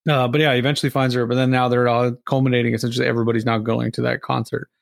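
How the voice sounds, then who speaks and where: A man's voice: mid-range voice, level tone, racing, vocal fry, no echo, studio quality. A man in casual chat, rambling through a movie's plot and acting out the characters' lines. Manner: rambling, acts out lines from scenes.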